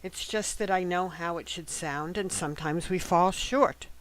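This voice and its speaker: A woman reading the lines of an earnest, impatient young male violinist in love, blunt at one moment and hushed and tender at the next. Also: fairly low pitch, normal speed, natural voice, low-quality recording.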